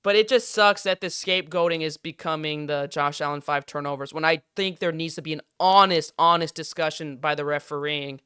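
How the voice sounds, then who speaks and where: Heated young man ranting, crisp bright voice. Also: fairly high pitch, a little fast, hardly any pauses, no echo, clean studio sound. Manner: heated, profane, exasperated ranting. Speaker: sports podcast host. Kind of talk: casual sports rant.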